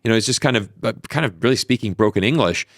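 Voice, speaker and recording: A man's voice: fairly low pitch, quick pace, gravelly, no echo, studio quality. A man in his thirties, telling stories in a casual interview with lots of fillers and restarts. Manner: animated storyteller, many fillers and restarts. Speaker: podcast guest.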